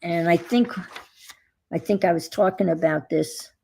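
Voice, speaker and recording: A woman's voice: lowish voice, a little slow, vocal fry, mellow, slight background noise. A woman hosting a casual live chat while crafting, rambling as she goes and greeting viewers by name. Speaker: craft livestream host.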